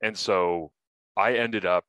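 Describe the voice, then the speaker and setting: Low-voiced animated sports broadcaster man. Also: slow pace, clear, resonant tone, no room sound. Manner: animated storyteller, swears casually. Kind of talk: casual sports podcast chat.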